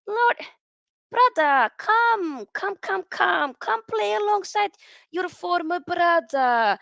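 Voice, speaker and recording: A woman's voice: extremely high pitch, lively intonation, slow pace, gravelly, fairly bright tone, no room sound, highs cut off, voice pushed up, heavily acted. A woman doing a put-on accent as a man coaxing a football player to come and join his brother.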